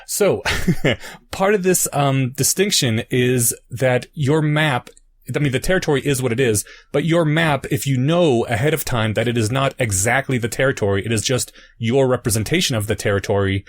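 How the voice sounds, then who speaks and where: Young guy podcast host walking through an idea slowly with examples, plain middle voice. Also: mid-range voice. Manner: explains patiently with analogies. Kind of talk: casual explanatory chat.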